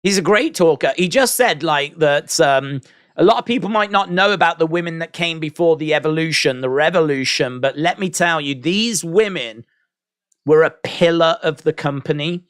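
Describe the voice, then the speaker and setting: A man's voice: on the high side, moderate pace, fairly bright tone, clean tone, no room sound. Chatty man on a dry close mic. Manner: chatty, reacting with laughs and asides. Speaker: host of a wrestling watch-along stream. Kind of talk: casual live-stream commentary.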